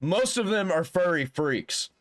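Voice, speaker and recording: A man's voice: high-pitched, animated, a little slow, a bit bright. A man hosting a reaction commentary, talking bluntly and crudely in a rambling, casual way with frequent restarts. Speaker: commentary host.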